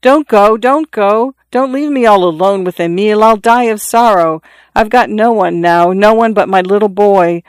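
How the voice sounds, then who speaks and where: Brief: a narrator playing a distraught young mother, urgent and tearful, raised a little in pitch, smooth tone. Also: normal speed, no echo, natural voice. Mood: distraught pleading. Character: grieving young mother, emotional and pleading. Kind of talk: audiobook character reading.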